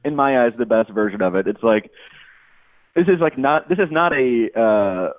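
A man's voice: medium pitch, expressive, normal speed, no room sound. A man chatting casually and laughing often as a podcast guest. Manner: laughing, rambling. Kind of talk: casual chat. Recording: dry tinny phone-like line.

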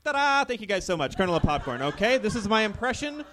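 A man doing a live stand-up set of awkward, deadpan one-liners in a ballroom venue. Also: high voice, quick pace, noisy background. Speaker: stand-up comedian.

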